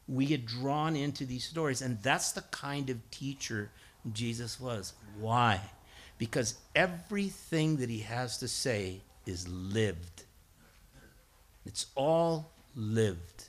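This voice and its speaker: A man's voice: mid-range voice, lively intonation, takes it slowly. A middle-aged man giving a sermon, telling stories and acting out voices, building to emphatic peaks. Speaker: guest preacher and schoolteacher.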